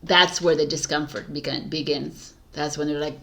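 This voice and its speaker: A woman's voice: sits low, fairly even intonation, moderate pace, hardly any pauses, a bit bright. A woman talking as a tarot reader in a casual spiritual monologue, rambling with many fillers and frequent laughter.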